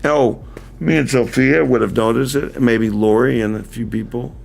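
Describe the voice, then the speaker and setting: A man hosting a laid-back livestream speaks at medium pitch and a moderate pace, with fairly even intonation and noticeable vocal fry, captured on a camera mic. His story rambles and self-corrects between frequent chuckles before he earnestly addresses viewers head-on.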